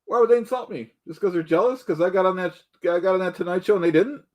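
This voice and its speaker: A man's voice: high voice, fast, a little mellow. A man in a rambling comedic rant, indignant and boastful, calling himself the Duke and stumbling over repeated words. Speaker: comedic ranter.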